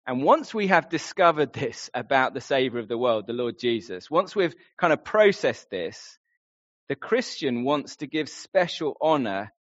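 A man's voice: mid-range voice, no echo. A man preaching a sermon in an earnest way, often putting questions straight to his listeners. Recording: slightly dull lo-fi sound.

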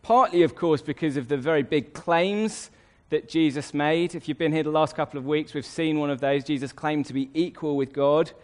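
A man delivers a sermon from a Bible passage. His voice sits a little high. He is emphatic and slows right down to stress the words that matter. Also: darkish tone. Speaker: preacher.

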